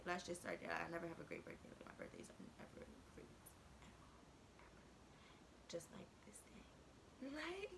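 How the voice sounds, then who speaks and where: Bright-voiced young woman telling a story. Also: mid-range voice, slight background noise, poor audio. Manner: animated, slangy, swears freely. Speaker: vlogger. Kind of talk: casual storytime.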